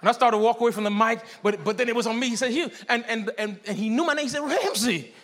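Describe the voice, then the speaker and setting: A man, preaching a sermon as pastor, telling a story in hushed tones and building to shouted exhortation. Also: very high voice, fairly even intonation, racing, big-room sound.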